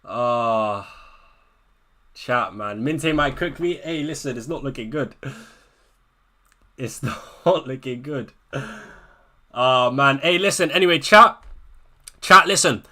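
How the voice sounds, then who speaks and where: A fantasy football streamer speaks slowly with long pauses in a mid-range, bright, forceful voice. Live with his viewers, he anxiously talks things through with chat, swearing and repeating himself.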